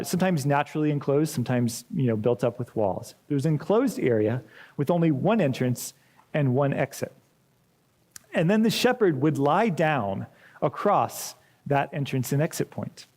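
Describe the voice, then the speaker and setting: A man preaching a sermon in a church, speaking in a measured, deliberate way with touches of dry humor. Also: medium pitch, darkish tone. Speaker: pastor.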